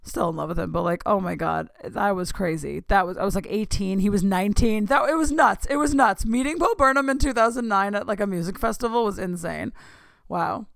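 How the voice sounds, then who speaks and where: 30s woman podcaster rambling excitedly, bit of vocal fry, dry close mic. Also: medium pitch, fairly quick, no room sound. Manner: excitable, gushing, self-interrupting. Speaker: podcast host. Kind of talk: casual storytelling.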